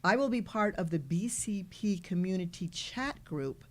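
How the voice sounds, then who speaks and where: A woman's voice: lowish voice, expressive, moderate pace, a little mellow. A woman who is a guest on a local radio show speaks earnestly about a book and an upcoming talk she is giving. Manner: earnest and promotional. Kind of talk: casual radio interview.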